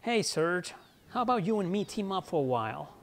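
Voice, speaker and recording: A man's voice: medium pitch, normal speed, slight background noise, close to an everyday voice. A man voicing a cocky teenage girl thief in a mock British accent, brash and teasing.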